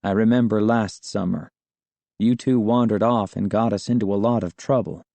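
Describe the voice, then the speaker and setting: A man voicing a middle-aged archaeologist uncle who gives brisk instructions in a storybook reading. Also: on the low side, fairly even intonation, gravelly, mellow, dry recording.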